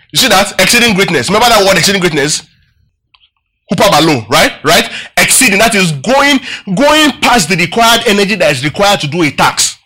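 A male preacher teaching from scripture in a high, bright voice. He keeps quizzing the congregation and repeats key phrases to drive them home. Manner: asks the congregation questions, repeats phrases for emphasis. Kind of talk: Bible-teaching sermon.

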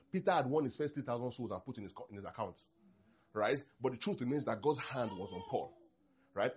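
A husky-voiced pastor in full sermon mode, his pitch leaping and dropping all over as he acts out people's prayers. The recording sounds dull and lo-fi. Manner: animated, acts out prayers, laughs often.

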